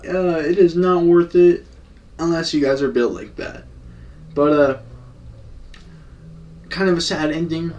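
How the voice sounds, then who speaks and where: A man's voice: fairly high pitch, a little slow, long pauses, far from the mic, highs cut off, slight background noise. Slangy young man telling a story. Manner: slangy, animated, acts out quotes. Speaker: storytime vlogger. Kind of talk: casual storytelling.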